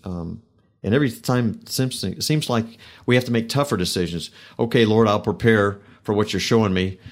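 A man hosting a faith talk show, speaking in a reflective, preacherly way with many pauses. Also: lowish voice, darkish tone. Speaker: host.

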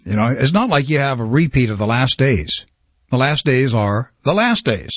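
A man's voice: mid-range voice, sing-song, moderate pace, no echo, studio quality. A man hosting a religious talk program, speaking with fervent, preacher-like urgency. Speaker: program host. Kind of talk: religious talk show conversation.

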